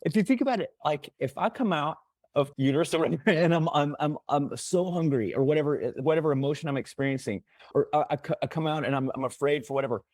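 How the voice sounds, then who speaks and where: A man on a mental health podcast, speaking haltingly with repeated words and explaining through everyday analogies. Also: on the high side, a little mellow, no echo, studio quality. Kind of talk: podcast conversation.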